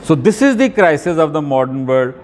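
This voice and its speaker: A male lecturer delivers an academic talk in a measured, halting way, often pausing on fillers and restarting phrases. His voice sits a little high for a man. The sound has a long hall reverb behind it. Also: very animated. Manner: deliberate, with frequent fillers and restarts.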